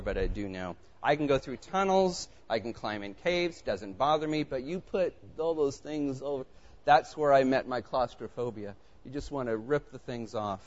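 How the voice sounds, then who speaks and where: A man preaching a sermon, telling a personal story in an animated, conversational way before turning to scripture. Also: medium pitch. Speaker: pastor. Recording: muffled lo-fi recording.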